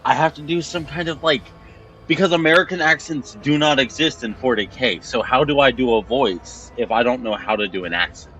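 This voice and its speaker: A man's voice: medium pitch, brisk, fairly bright tone, muffled recording. A man streaming a game for the first time, talking casually with swearing and self-mocking asides. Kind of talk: casual gameplay commentary. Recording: game music playing behind.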